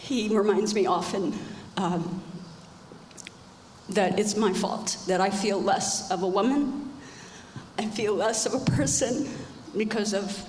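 A woman's voice: medium pitch, slow pace, a little mellow. Emotional woman testifying in an echoey church hall. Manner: emotional, emphatic, repeats phrases. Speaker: church member giving testimony. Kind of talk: personal testimony. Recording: echoey hall with faint background noise.

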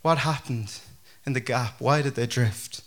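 A man preaching a casual, conversational sermon as pastor, chatty and animated with frequent fillers and restarts. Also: mid-range voice, unhurried.

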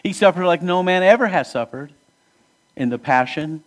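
This male pastor preaches earnestly and conversationally, putting questions to the congregation as he swings from emphatic rises to hushed, quiet drops. His voice sits high and sounds expressive, moving at a normal speed.

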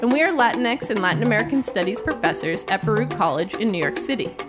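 A woman co-hosting an academic podcast, reading a script clearly and at a measured pace. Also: medium pitch, expressive, over loud music. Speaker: podcast co-host, professor.

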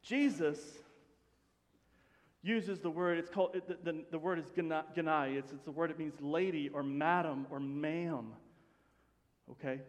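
A man preaching a sermon to his congregation in an animated, conversational way, often dropping to a hush. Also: on the high side, unhurried, long pauses. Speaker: pastor. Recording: long hall reverb.

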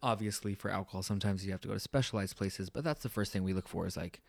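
A man's voice: low voice, very fast, creaky, no room sound. A man co-hosting a podcast, laid-back and joking in casual chat. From United States. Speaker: podcast co-host.

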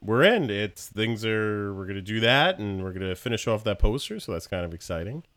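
A man's voice: fairly low pitch, animated, a little fast, a bit bright, no room sound. A man co-hosting a podcast in casual chat, playful and teasing, often laughing. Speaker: podcast co-host.

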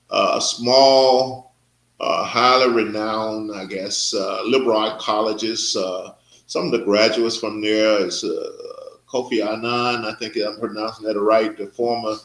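A man's voice: on the low side, fairly bright tone, roomy sound, poor audio. An older man hosting a podcast, talking in a rambling, hesitant way with many fillers. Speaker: podcast host. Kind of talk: casual interview.

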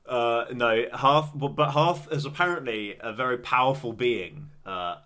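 A young man with an English accent chats on a casual podcast, mid-pitched and ordinary in tone. He laughs a lot, trips over his words and restarts his sentences as he rambles along. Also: unhurried, sharp tone. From England. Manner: giggly, rambling with frequent restarts. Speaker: podcast co-host. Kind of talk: casual chat.

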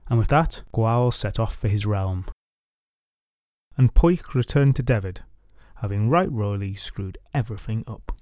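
A man's voice: on the low side, animated, measured pace, a little mellow, no room sound. A man retelling an old myth with wry, sardonic asides, on a dry close mic. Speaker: storyteller.

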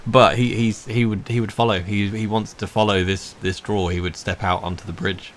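A man's voice: fairly low pitch, steady tone, brisk, slight background noise. A man playing a tabletop role-playing game who describes his character's actions hesitantly, with restarts and stammers. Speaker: player.

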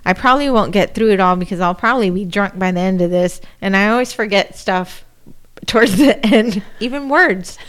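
A woman's voice: medium pitch, lively intonation, moderate pace, fairly bright tone. Rambling woman in her forties. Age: 40s. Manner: rambling, swears freely, laughs often. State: dried-up voice from allergy medicine. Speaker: podcast co-host. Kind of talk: casual chat.

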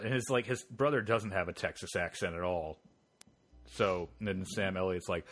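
A man's voice: lowish voice, fairly quick, fairly bright tone. A man co-hosting a podcast, chatting casually through a film recap and acting out quoted lines in funny voices. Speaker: podcast co-host. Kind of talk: casual film review chat.

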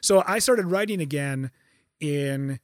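A middle-aged man and stand-up comedian telling stories in a casual chat, animated and swearing freely, with many restarts. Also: a little high, slow, no room sound. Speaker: stand-up comedian, podcast guest.

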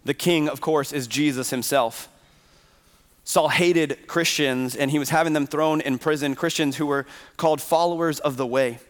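A man's voice: fairly high pitch, fairly even intonation, normal speed. A man preaching a Sunday sermon as pastor, earnestly posing rhetorical questions to his congregation. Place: church sanctuary. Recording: reverberant hall.

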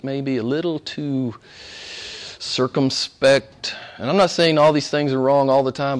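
A man preaching a sermon to a live congregation, exhorting with rhetorical questions and dropping to hushed whispers before rising to fervent shouts. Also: mid-range voice.

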